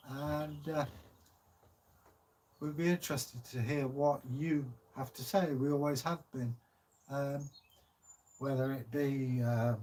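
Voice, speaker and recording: A man's voice: mid-range voice, a little mellow. An older man from Kent with a southern English accent, chatting casually on a livestream as channel host, rambling with many hesitations. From Kent, England.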